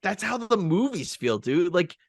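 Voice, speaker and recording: A man's voice: high-pitched, big pitch swings, moderate pace, dry recording, clean studio sound. A man co-hosting a podcast, talking in an emphatic, casual way and swearing freely. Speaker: podcast co-host. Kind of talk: casual chat.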